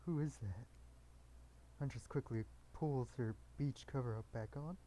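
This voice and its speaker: Game streamer, reads aloud, giggly asides, mellow tone, even pitch. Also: a little slow, slight background noise, rough recording. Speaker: gameplay streamer. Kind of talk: reading a dating game aloud with commentary.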